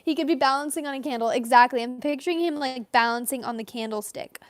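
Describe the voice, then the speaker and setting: A woman's voice: high voice, quick pace, no room sound. A young woman chatting casually with viewers as she draws on a livestream, rambling and reading comments aloud. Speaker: artist livestreaming a drawing session. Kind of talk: casual live-stream chat while drawing.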